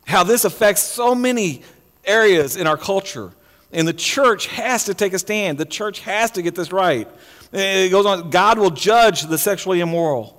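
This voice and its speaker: A male pastor preaching in a church sanctuary, his voice sitting a little high for a man. He presses his points hard, doubling words and restarting phrases. A long hall reverb trails after each line. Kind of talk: sermon.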